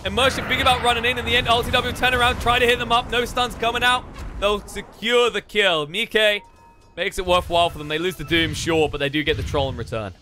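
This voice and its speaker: A man casting a live video game match with rapid, excitable play-by-play. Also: sits high, soft background music. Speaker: esports caster.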